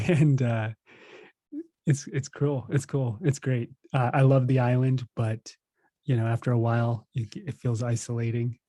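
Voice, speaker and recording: A man in his thirties, a guest on a podcast, telling stories in a relaxed, self-laughing way. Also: medium pitch, a little slow, no room sound. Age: 30s. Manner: relaxed storytelling, laughs at himself. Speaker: podcast guest, meditation teacher. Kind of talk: casual interview chat.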